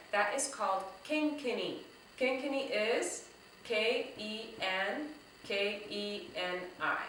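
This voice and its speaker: A woman teaching a children's drumming lesson, speaking slowly and encouragingly and chanting words loudly syllable by syllable. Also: a little high, expressive, noisy background. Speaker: teaching artist. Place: room full of drums. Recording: echoey room, voice a bit far from the mic.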